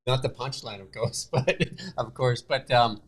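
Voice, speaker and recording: A man's voice: medium pitch, steady tone, measured pace. A middle-aged man hosting a casual interview who is chatty and laughs easily. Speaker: host.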